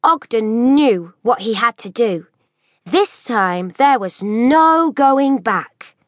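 A woman narrating a children's audiobook in an expressive storytelling manner. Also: fairly high pitch, slow, dry recording.

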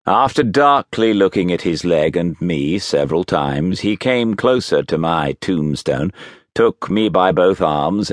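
A man narrating a classic novel as an audiobook, in an expressive, measured storytelling manner. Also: deep voice, no room sound, studio quality.

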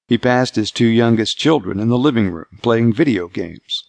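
Gravelly-voiced male audiobook narrator. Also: medium pitch, expressive, moderate pace, darkish tone, no echo. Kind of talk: scripted narration.

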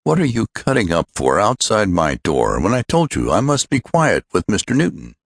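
A brisk young inventor, played by a man, quick and good-natured, a touch raised above the narrator's low voice. The reading is dry and close. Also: huge pitch swings, vocal fry, no echo, exaggerated voice. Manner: brisk, mock-stern.

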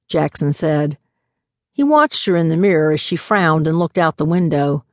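Here an audiobook is narrated by a woman with a low voice, steady and measured as she reads the scripted story. The sound is studio quality, free of any room sound.

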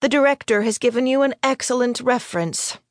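A woman's voice: fairly high pitch, brisk, no room sound, studio quality, pitched above the performer's own voice, close to an everyday voice. A woman voicing a sullen, reluctant middle-aged female head librarian who speaks in a stiff, grudging way.

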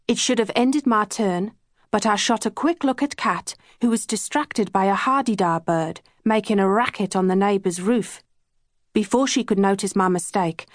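A woman reading a first-person novel aloud, measured and even, on a close studio mic. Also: a little high, dry recording. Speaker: audiobook narrator. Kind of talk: scripted narration.

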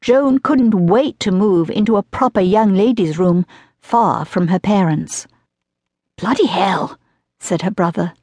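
A woman narrating an audiobook in an even, measured storytelling voice. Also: lowish voice, no room sound, clean studio sound. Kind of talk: scripted narration of a historical romance.

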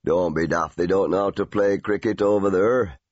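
A man's voice: low-pitched, normal speed, darkish tone, no room sound. A man voicing a blunt, teasing old northern grandfather in an audiobook, dry and matter-of-fact. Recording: dull, dry studio recording.

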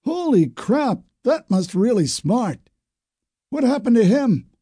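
A man's voice: very high-pitched, sing-song, takes it slowly, warm tone, husky, dry recording, clean studio sound, pitched above the performer's own voice, heavily acted. A man voicing a startled young man, breathless and alarmed.

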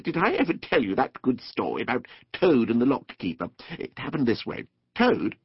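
A man voicing a sociable, gossipy male river otter with a gruff, blustery, chatty manner in a storybook reading. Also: mid-range voice, huge pitch swings, moderate pace, no room sound, full character voice. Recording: dull dry studio recording.

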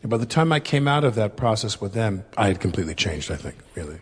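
A man in his fifties with a raspy voice, talking candidly and rambling a little as a guest in a studio interview. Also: lowish voice, sing-song, fast talker, slight background noise. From United States. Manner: rambling, many fillers and self-corrections. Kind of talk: candid conversational storytelling.

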